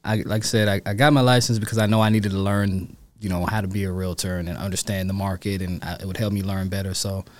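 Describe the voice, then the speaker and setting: Lively man telling stories. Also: sits low, fast, hardly any pauses, no echo. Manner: animated, acts out quotes in a raised voice. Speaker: real estate agent guest. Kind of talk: casual storytelling interview.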